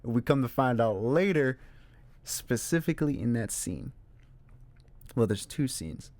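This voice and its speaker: A man's voice: medium pitch, a little slow. A young adult man hosting his own movie show, casually and animatedly retelling scenes from a film. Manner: animated retelling, acts out character quotes. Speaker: movie reviewer host.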